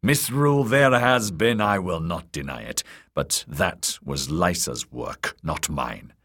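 A man voicing a smooth, scheming male lord protector who speaks in a cold, measured, commanding way. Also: low voice, lively intonation, a bit bright, full character voice. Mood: cold, angry. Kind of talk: audiobook character voice.

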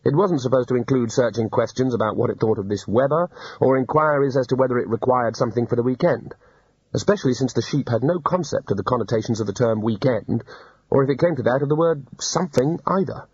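A man reading an audiobook in a dry, unhurried storytelling manner. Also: mid-range voice, darkish tone, breathy edge, dry recording, lo-fi sound. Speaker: narrator. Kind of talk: audiobook narration.

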